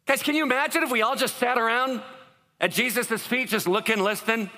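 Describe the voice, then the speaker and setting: A man's voice: very high-pitched, fairly quick, sharp tone. A man preaching a sermon in a conversational, joking way. He often puts questions to the congregation. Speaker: pastor. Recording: long reverb of a large hall.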